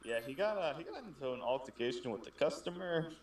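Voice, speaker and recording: A man's voice: on the high side, very animated, fast, far from the mic. A man co-hosting a casual gaming stream, telling stories and swearing freely. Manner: profane, rambling storyteller. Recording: echoey and off-mic with music.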